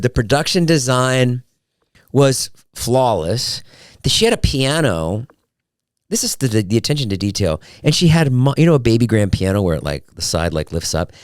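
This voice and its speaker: Podcaster, man in his 40s, lowish voice that swings wide, jokey and animated, dry close mic. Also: no room sound. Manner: animated, jokey, swings into high excited pitch. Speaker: podcast host. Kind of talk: casual solo podcast monologue.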